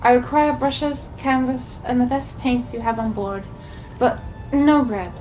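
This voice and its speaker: A woman's voice: fairly high pitch, measured pace, darkish tone, a little hiss or hum, close to an everyday voice, poor audio. A woman reading the lines of a solemn noble female navigator with a warp eye, in formal, archaic speech. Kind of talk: reading game dialogue aloud.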